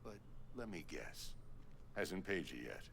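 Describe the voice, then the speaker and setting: A gravelly old cyber-surgeon. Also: male voice, low voice, very animated, unhurried, a bit bright, slight background noise, heavily acted. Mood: wry. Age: older. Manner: dry, teasing bedside manner. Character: older male back-alley surgeon, wry, calm.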